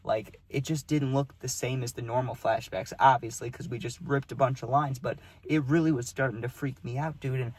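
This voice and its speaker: A man's voice: medium pitch, steady tone, fairly quick, hardly any pauses, slightly rough. A young man telling a personal story to his viewers in a casual, slangy way, often saying "dude". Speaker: vlogger.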